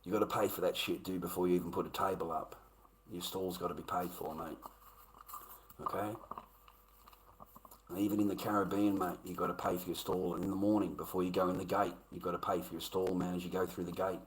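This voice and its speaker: A man's voice: sits low, level tone, fairly quick, poor audio. An Australian man, a livestreamer, in casual rambling chat, swearing constantly and calling everyone mate.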